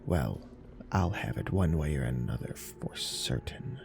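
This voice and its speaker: A man voicing a sinister, mocking male stranger with a raspy, hissing chain-smoker's voice. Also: very deep voice, lively intonation, darkish tone, voice pushed down, exaggerated voice. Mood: menacing. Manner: slow, menacing, mocking. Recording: narration over faint music.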